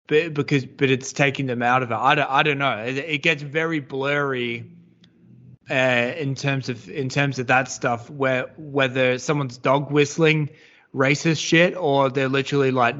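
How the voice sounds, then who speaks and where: A man's voice: medium pitch, steady tone, moderate pace, a bit bright. Man in casual podcast chat. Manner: rambling, hedging, swearing. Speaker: podcast co-host. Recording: slightly dull audio.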